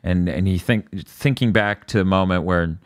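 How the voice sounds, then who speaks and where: A man's voice: deep voice, moderate pace, dry recording, clean studio sound. A young man hosting a podcast, recapping episodes in casual chat and often slipping into character voices. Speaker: podcast host.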